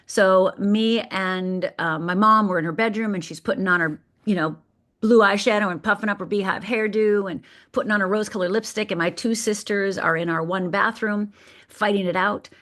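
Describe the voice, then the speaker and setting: A middle-aged woman from Michigan tells her own story as a podcast guest. She speaks vividly and lets key moments land with deliberate pauses. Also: medium pitch, steady tone, fairly bright tone. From Upper Peninsula of Michigan. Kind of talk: telling a personal story on a podcast.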